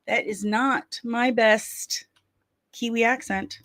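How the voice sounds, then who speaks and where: A woman's voice: on the high side, slow, fairly bright tone. A woman hosting a casual pop-culture chat stream, reading viewer comments aloud and answering them with candid, playfully sarcastic opinions. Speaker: host of a daily pop-culture chat show.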